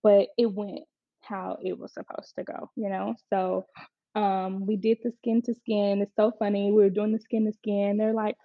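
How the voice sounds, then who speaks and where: A woman's voice: mid-range voice, moderate pace, no echo. A young adult woman casually telling a personal story, chatty and frank, often acting out what people said. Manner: chatty, frank, quotes people in lively voices. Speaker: mother telling her birth story. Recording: slightly dull, dry lo-fi recording.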